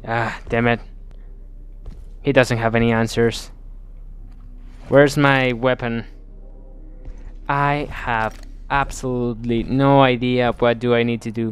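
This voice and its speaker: Speaking slowly in a level, mid-range voice with frequent pauses and a clean tone, a man gives let's play commentary on a video game. He's a gameplay commentator who thinks aloud with bemusement and keeps restarting sentences.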